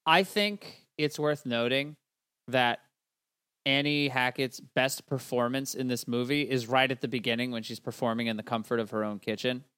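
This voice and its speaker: A man's voice: mid-range voice, moderate pace, sharp tone, smooth, no room sound, studio quality. A man co-hosting a casual movie review podcast, chatty and full of "you know". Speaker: podcast co-host.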